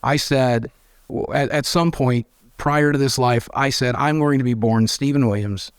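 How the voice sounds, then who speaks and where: A man's voice: medium pitch, normal speed, smooth, dry recording, studio quality. A man with an American accent, an interview guest telling candid stories and acting out the voices of people in them. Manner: animated, acts out quoted voices, frank and self-deprecating. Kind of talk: candid conversational storytelling.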